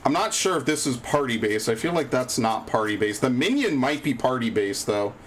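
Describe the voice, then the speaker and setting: A man's voice: medium pitch, lively intonation, normal speed, a little hiss or hum. A man live-streaming a video game, chatting casually and swearing often as he gets annoyed at the game. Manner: profane, easily annoyed, grumbling. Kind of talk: live gaming stream chat.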